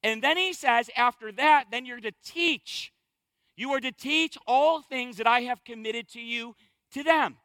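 A man preaching with a strikingly high, bright voice, driving his points home with sudden loud stresses. The sound is dry and close, with hardly any room echo. He moves in quick bursts, repeating key words to make them land. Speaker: pastor. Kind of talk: sermon.

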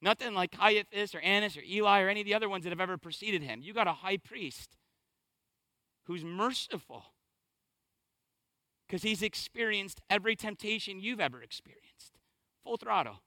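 Male preacher, impassioned sermon, very bright tone, close and dry sound. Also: sits high, lively intonation, moderate pace, long pauses, no room sound. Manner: impassioned, swinging between hushed and loud. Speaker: pastor.

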